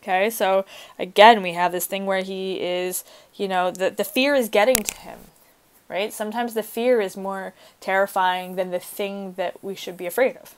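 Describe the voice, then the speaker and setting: A woman teacher reading a story aloud to her students and explaining it in a casual, chatty way, with expressive emphasis on the quoted passages. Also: medium pitch, moderate pace, clean tone. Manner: casual, chatty asides with fillers and light laughs.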